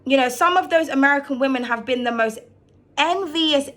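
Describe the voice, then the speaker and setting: A young woman with a British accent vents straight to her viewers in a blunt, casual monologue, swearing freely and peppering every point with "like" and "you know". Her voice sits a little high and comes across bright and sharp. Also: fairly quick. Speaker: tarot reader and channel host. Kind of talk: casual ranting monologue to camera.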